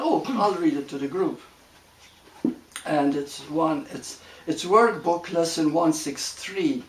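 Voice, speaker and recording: A man giving a reflective spiritual talk to a group, gentle and unhurried, often repeating phrases and checking that listeners follow. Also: fairly high pitch. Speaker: spiritual teacher. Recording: roomy echo with faint ambient noise.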